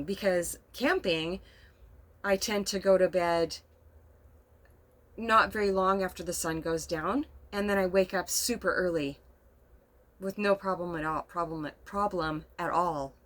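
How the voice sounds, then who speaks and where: A middle-aged woman telling a personal story in a casual vlog monologue, speaking softly and emotionally and rambling with frequent laughs. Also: medium pitch, measured pace. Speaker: vlogger. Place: inside a camper.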